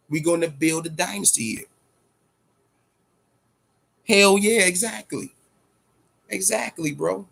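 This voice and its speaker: A man's voice: high-pitched, gravelly, slightly rough. A man hosting a boxing show, talking casually and profanely, amped up and fidgety, repeating himself often. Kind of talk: casual livestream talk.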